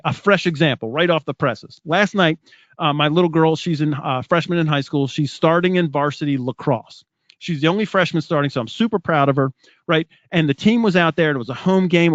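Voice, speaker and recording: A middle-aged man giving an animated motivational talk to a group, asking them many rhetorical questions. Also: fairly high pitch, no room sound, lo-fi sound. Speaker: speaker.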